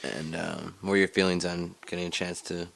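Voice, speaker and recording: A man conducting an interview, asking questions in a measured, even way. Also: deep voice, vocal fry.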